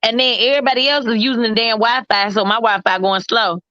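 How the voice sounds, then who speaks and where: A woman's voice: a little high, fairly even intonation, fast, pushed and bright, dry recording, muffled recording. A woman from Mississippi, chatting casually and laughing as she talks. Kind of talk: casual chat.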